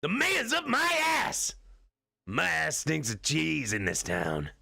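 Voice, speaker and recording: A man's voice: on the high side, wildly swooping pitch, slow pace, vocal fry, bright, forceful tone, husky, voice pushed up, heavily acted. A man putting on an exasperated, crude male police chief from a spoof 1970s cop show, ranting at his officer.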